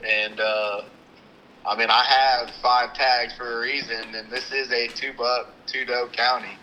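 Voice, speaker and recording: A man, co-hosting a hunting show, telling an animated story with acted-out quotes and sounds. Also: medium pitch, unhurried, highs cut off, slight background noise. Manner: animated, acts out the scene with quoted lines and sound imitations. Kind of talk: casual storytelling chat.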